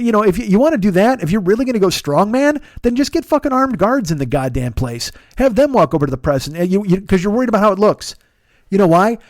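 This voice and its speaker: A man's voice: sits high, darkish tone, no room sound, clean studio sound. A man in his forties hosting a podcast, delivering a profane, exasperated comedic rant. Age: 40s. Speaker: podcast host.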